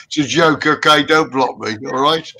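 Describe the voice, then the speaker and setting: A man chatting loudly and joking on a livestream, tired after a night without sleep. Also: fairly high pitch, normal speed. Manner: loud, rambling and joking. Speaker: livestream guest. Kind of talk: casual chat.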